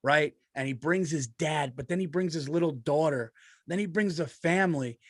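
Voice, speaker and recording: A middle-aged man, a comedian co-hosting a podcast, telling stories in an excitable, profane way and laughing as he talks. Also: fairly high pitch, moderate pace, no room sound, studio quality. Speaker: stand-up comedian and podcast co-host. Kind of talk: casual podcast chat.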